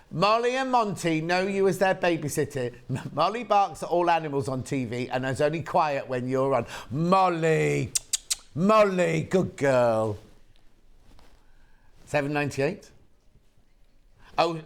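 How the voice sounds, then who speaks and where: A man presenting on a live TV shopping channel in a chatty, camp manner, with a British accent, reading out viewer messages between product details. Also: a little high. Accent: British English. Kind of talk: live TV sales chat. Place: TV studio.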